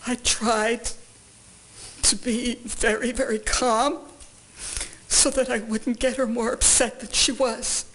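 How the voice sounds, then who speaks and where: A woman's voice: a little high, level tone, takes it slowly, pauses often, fairly bright tone, slight background noise. An older woman giving testimony in a courtroom, answering questions with brief, careful replies. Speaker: witness.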